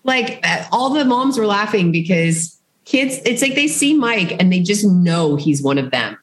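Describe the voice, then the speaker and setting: Podcast co-host, mid-pitched voice, talks in rambling, restarting stretches. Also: very animated, unhurried, a bit bright, rough recording. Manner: chatty, rambling with many restarts. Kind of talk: casual chat.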